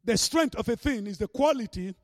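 High-voiced preacher shouting a sermon. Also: male voice, lively intonation, a little fast, no echo, studio quality. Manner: dynamic preaching, swings from shouting to hushed mock voices.

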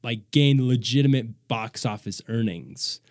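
A man's voice: medium pitch, a little slow, a little mellow, no room sound. Chatty young man, dry close sound. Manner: chatty, rambling with restarts and laughter. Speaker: podcast host. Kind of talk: casual podcast chat.

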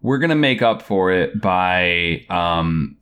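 Guy cohosting a movie podcast, kinda low voice but really animated, teasing his buddy. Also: slow pace, smooth. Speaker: podcast co-host. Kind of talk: casual movie podcast chat.

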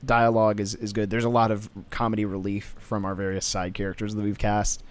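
A man in casual chat, thinking aloud in a laid-back way as he pitches story ideas. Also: monotone, fairly quick, smooth.

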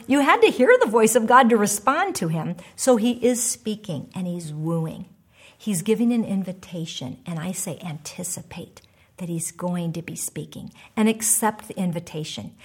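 Animated woman giving a devotional talk. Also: mid-range voice, slightly rough. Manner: animated and emphatic, dropping to a soft hush for prayerful moments. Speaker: devotional speaker and author.

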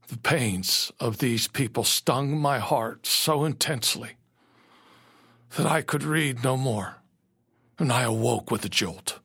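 A man narrating a first-person story slowly and earnestly, dropping to a hush at moments. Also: medium pitch, animated, slightly rough. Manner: slow, earnest storytelling with quiet hushed moments.

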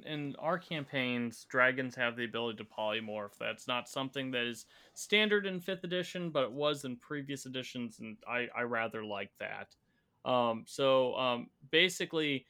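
A man recapping a tabletop campaign as its game master, a measured storyteller with a teasing edge. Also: mid-range voice, sharp tone, smooth.

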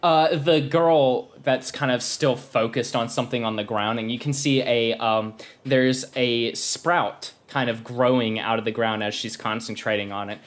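A man's voice: mid-range voice, steady tone, unhurried, few pauses. Casual male game master narrating. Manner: casual, self-correcting, laughs often.

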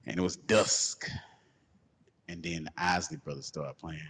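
A man's voice: deep voice, steady tone, a little slow, fairly bright tone, slightly rough, long reverb tail. A man telling a long, profane story in casual chat, laughing and acting out the quotes.

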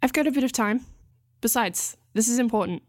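A woman reading aloud plays a caring, anxious partner who presses with gentle, earnest questions. The voice is pitched well above her narrating tone, close and dry in a spoken story. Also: fairly quick, no room sound, lightly acted. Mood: concerned. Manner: concerned, earnest. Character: worried, affectionate woman, a teacher and partner.

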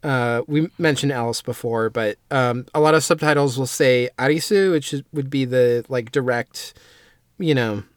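A man's voice: medium pitch, normal speed, dry recording. Guy on a podcast rambling thru an anime recap, lots of ums, dry close mic. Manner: rambling, filler-heavy recap with asides. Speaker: podcast host summarizing an anime. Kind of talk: casual chat.

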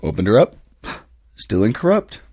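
A man's voice: fairly low pitch, big pitch swings, normal speed, warm tone, slightly rough, dry recording, clean studio sound. A man who is a priest, chatting casually on a podcast and telling rambling stories with plenty of fillers and self-corrections.

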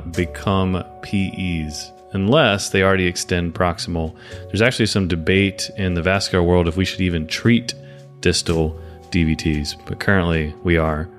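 A man's voice: low voice, clean tone. A man co-hosting a medical teaching podcast, speaking as a clinician with casual, joking asides. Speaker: clinician co-host.

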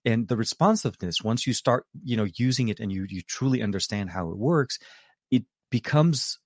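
A man's voice: mid-range voice, lively intonation, no echo, clean studio sound. A man co-hosting a casual tech podcast, rambling with frequent restarts. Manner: rambling, halting, full of restarts. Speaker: podcast co-host.

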